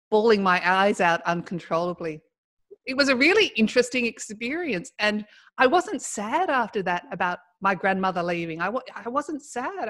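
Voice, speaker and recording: A woman's voice: mid-range voice, fairly bright tone. A middle-aged woman, a podcast guest, telling personal stories in a conversational way, often laughing as she talks. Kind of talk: conversational storytelling.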